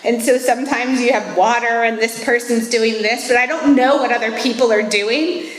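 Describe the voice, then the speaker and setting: A woman's voice: fairly high pitch, fairly even intonation. Earnest woman speaking in an echoey hall. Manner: earnest, reflective, measured. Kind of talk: recovery meeting talk.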